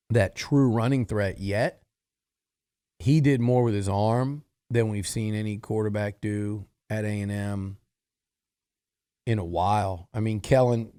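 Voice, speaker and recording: A man with a lowish voice talks through a football game on a sports radio show. He speaks emphatically and often restarts his sentences. The sound is close and dry. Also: mellow, no echo. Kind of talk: sports talk analysis.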